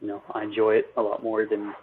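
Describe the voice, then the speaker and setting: A man, an electrical business owner, answering interview questions in a halting way full of ums and restarts. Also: fairly low pitch, monotone, slight background noise. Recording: phone-like narrow line.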